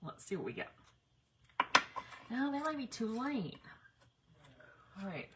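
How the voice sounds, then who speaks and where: A woman's voice: on the high side, very animated, slow, slight background noise. A woman chatting with viewers while demonstrating a craft project on a live stream. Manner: chatty, talks while working, addresses viewers directly. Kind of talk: live crafting demo chat.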